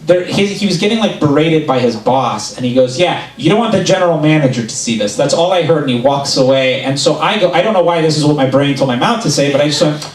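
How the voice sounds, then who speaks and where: A man's voice: fairly high pitch, fast talker, slight background noise. Man doing stand-up in an echoey club. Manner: animated storytelling, acts out quotes. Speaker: stand-up comedian. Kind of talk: stand-up comedy set. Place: club stage before a laughing audience. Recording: roomy live club recording, mic at a distance.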